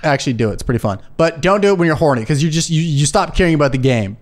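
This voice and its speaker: Lively high-voiced man riffing crudely. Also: very fast. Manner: animated, jumps into silly voices and impressions. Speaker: podcast co-host. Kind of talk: crude comedic banter.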